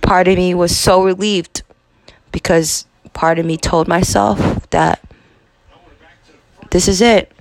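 A young woman in her twenties hosts a podcast, telling a personal story in a halting, profane confessional monologue. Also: fairly low pitch, steady tone, gravelly, dry recording. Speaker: podcast host.

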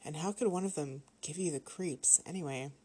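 A woman narrating a horror story aloud in a steady, even reading manner. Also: low-pitched, fairly quick, breathy edge.

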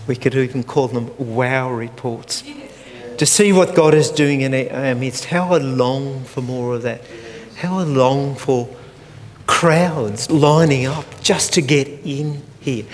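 An older man preaching a sermon, slow and earnest as he reads scripture aloud. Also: medium pitch. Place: church hall. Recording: long church hall reverb, faint room noise.

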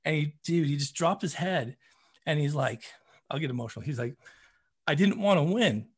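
A man, a running coach, telling stories as a podcast guest in an animated way, often repeating words as he gets excited. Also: a little high, a little fast, slightly rough. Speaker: running coach and program founder.

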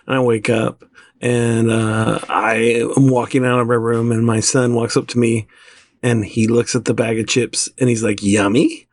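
A young man chatting casually with a friend, spinning anecdotes and acting out the voices in them. His delivery is lively and full of laughter, recorded close and dry with almost no room sound. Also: medium pitch, moderate pace, no echo. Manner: animated storyteller acting out quoted dialogue, laughs often. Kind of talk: casual storytelling chat.

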